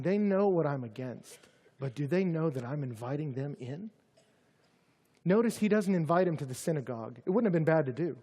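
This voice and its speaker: A man preaching a sermon to students, dropping to soft, close asides and then rising to loud, shouted emphasis. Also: a little high, big-room sound. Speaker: campus ministry pastor.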